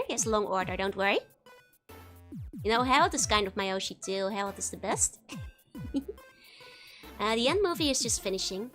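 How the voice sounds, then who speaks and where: High, bright, giggly woman streamer. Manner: giggly and chatty, laughs often between lines. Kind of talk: casual read-aloud and chat on a livestream.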